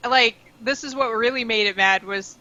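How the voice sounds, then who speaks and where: A woman's voice: a little high, normal speed, sharp tone. A woman chatting casually and laughing often as she shares a college story. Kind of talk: casual chat. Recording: dull lo-fi recording.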